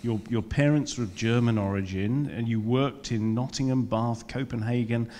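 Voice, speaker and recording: A man's voice: mid-range voice, fairly even intonation, normal speed, mellow. A man hosting a live interview on stage, asking fluent, enthusiastic questions. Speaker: interviewer, host. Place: museum event hall, live audience. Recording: long reverb of a large hall.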